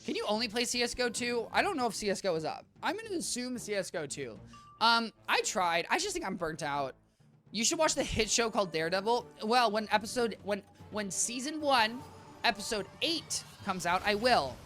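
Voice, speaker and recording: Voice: mid-range voice, very animated, a little fast, fairly bright tone, faint music behind. A game streamer chatting with viewers in a rambling, chatty way while playing, voice a little worn out. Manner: chatty, rambling, addresses chat as guys.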